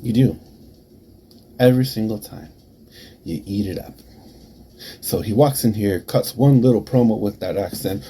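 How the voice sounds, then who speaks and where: A man cutting a taunting wrestling promo, dropping to hushed whispers and then rising to shouts. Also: fairly low pitch, moderate pace, pauses often, slight background noise. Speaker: promo performer.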